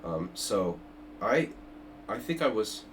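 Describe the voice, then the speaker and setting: A man's voice: on the low side, big pitch swings, slow pace, slight background noise. An older man hosting a chess simul on a livestream, chatting casually with jokes, asides and restarts. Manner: joking, rambling, with many restarts and asides.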